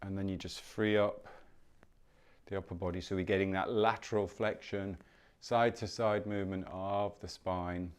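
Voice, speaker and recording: A man teaching a movement class, giving calm, unhurried cues with soft encouragement while he moves nearer to and farther from the mic. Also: deep voice, clean tone. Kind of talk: guided movement class instruction.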